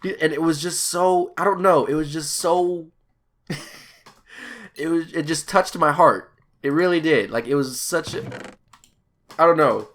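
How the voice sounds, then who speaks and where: A man's voice: fairly high pitch, slow, pauses often, fairly bright tone. A young man telling a rambling, profane story in casual chat while playing a video game. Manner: rambling, swearing, laughing asides. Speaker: gaming YouTuber.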